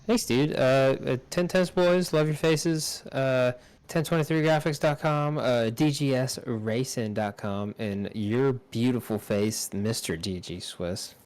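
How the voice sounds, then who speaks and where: A man who races online, chatting easily after the race and giving friendly shout-outs over voice chat. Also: medium pitch, measured pace. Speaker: sim racing driver. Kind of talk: casual post-race interview.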